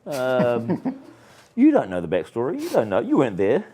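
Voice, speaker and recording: Deadpan, sarcastic man with a New Zealand accent. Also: mid-range voice, normal speed. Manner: deadpan sarcastic wit with sudden shouted bits. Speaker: film director being interviewed. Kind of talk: joking junket interview.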